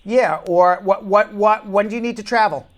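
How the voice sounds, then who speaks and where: A man hosting a call-in show as an immigration lawyer, ranting with animated indignation and then answering callers. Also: sits high, moderate pace.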